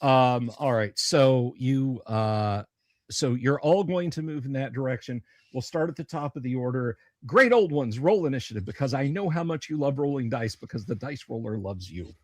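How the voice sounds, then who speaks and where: A man's voice: medium pitch, normal speed, a little mellow, dry recording, clean studio sound. A man running a tabletop game as game master, narrating with many fillers and joking asides.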